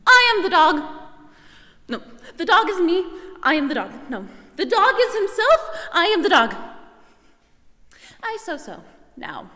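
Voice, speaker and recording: A woman playing a comic young male servant who mourns over his dog, in an animated, mock-tragic style of amateur Shakespeare acting. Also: extremely high pitch, unhurried, long pauses, heavily acted. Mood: mock-grieving. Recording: long reverberant echo.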